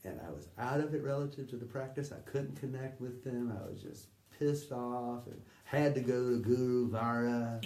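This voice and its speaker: A middle-aged man recounting memories in a halting, conversational way, often acting out the voices he quotes and sometimes dropping to a near whisper. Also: medium pitch, a little mellow. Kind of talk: conversational anecdote telling. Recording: distant roomy recording with faint ambience.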